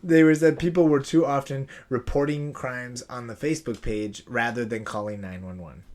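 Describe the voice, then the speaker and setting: A man's voice: mid-range voice, moderate pace. A man co-hosting a casual podcast, reading out odd news stories with laughs and stumbling restarts. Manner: animated, trails off in restarts and laughs. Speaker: podcast co-host, pastor.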